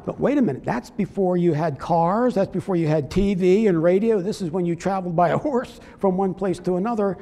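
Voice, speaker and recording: A man's voice: sits high, warm tone. A man preaching a sermon in a conversational way, often acting out the voices of doubters. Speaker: pastor. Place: church sanctuary. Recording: long hall reverb.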